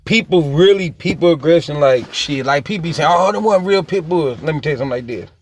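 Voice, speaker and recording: A man's voice: a little high, expressive, normal speed, breathy edge. A young man, giving a rambling, repetitive and emphatic casual monologue as a dog owner, swearing now and then. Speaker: dog owner sharing opinions.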